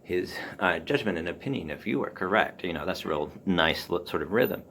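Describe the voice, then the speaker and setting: A man with a very deep, gravelly voice thinks out loud on his own podcast, halting often and circling back with ums. There is a faint hiss behind him. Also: expressive. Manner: musing, halting, with frequent ums and restarts. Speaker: podcast host. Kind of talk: casual solo talk on writing.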